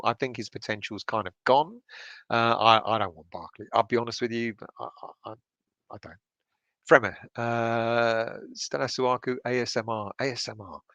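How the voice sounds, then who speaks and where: At home at night, a middle-aged man hosting a fan channel reads out live chat comments, keeping his voice low and swearing freely. His medium-pitched voice has vocal fry and sounds pushed and bright, with no echo and the highs cut off.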